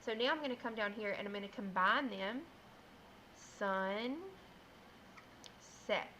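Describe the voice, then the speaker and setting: A woman teacher giving a first grade phonics lesson, explaining slowly and clearly and sounding out words. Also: medium pitch, sharp tone, a little hiss or hum, low-quality recording.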